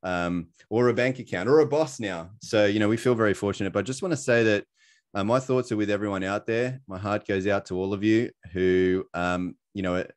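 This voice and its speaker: A man with an Australian accent talks through a presentation on a video call. His voice sits a little low, and he rambles in a friendly way, full of "um" and "you know", with a laugh at his own expense now and then. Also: fairly quick. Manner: chatty, many fillers, laughs at himself. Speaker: presenter sharing his story.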